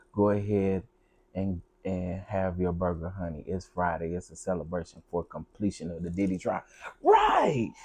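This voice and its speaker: A man chats casually on his livestream, full of slang and playful asides. His husky, mellow voice swings up and down a lot, and his pitch sits on the low side. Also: no echo. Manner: chatty, animated, Southern slang. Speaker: livestream host. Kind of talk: casual live-stream chat.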